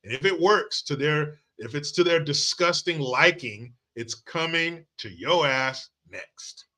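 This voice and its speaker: A man's voice: a little high, animated, unhurried, pushed and bright. Blunt, profane male commentator. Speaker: commentary show host. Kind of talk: opinionated talk-show commentary.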